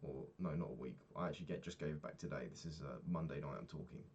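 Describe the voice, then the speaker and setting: A young man, a personal trainer, candidly recapping his week and swearing freely, getting animated when retelling annoyances. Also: rumbling low, fast talker, highs cut off, slight background noise. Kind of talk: casual vlog recap.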